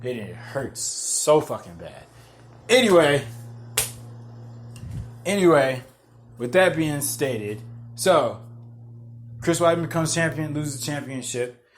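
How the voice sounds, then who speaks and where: A man hosting a podcast, rambling in excitable, profane casual chat full of restarts. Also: fairly high pitch, unhurried. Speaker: podcast host. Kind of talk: casual chat about MMA fights.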